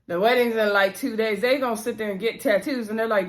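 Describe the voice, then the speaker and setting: A TV show reviewer with a slightly high voice and fairly even intonation speaks fast as she chats about an episode. She addresses viewers as y'all and acts out what the characters said, with a slightly runny nose.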